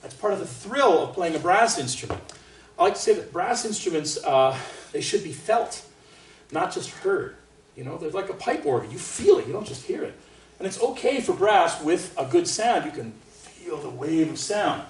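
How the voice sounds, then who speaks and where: A man, a trumpet soloist, teaching a master class in an animated, chatty way and laughing often. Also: on the high side, moderate pace. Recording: roomy hall from far off, faint noise.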